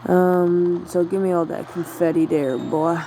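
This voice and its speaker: A woman narrates her own gameplay in a casual, rambling way, talking to herself and filling gaps with ums and likes. Her voice is warm and low. Quiet game music plays behind her. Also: steady tone, unhurried, rough recording. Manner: thinks aloud, talking to herself with many fillers. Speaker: gamer playing a video game. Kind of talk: casual let's-play commentary.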